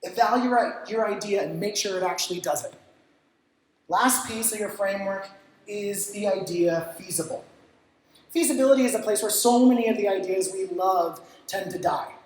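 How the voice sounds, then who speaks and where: Energetic man in an echoey hall. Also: high voice. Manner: energetic, acts out clients' reactions, casual swearing. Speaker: speaker at a creative industry event. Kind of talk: stage talk with practical lessons. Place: event stage in a large, echoey venue.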